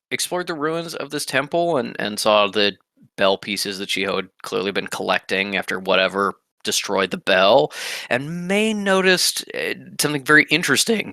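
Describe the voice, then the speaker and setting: Young male game master, hesitant narration, bright, close dry sound. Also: lowish voice, creaky, clean tone, no echo. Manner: hesitant, many fillers.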